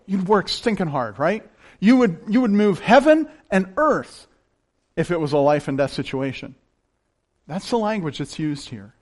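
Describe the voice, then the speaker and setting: A man preaching a sermon in a folksy, animated way, swinging between loud emphasis and hushed intensity. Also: high voice. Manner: folksy, uses plain down-home examples. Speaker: pastor.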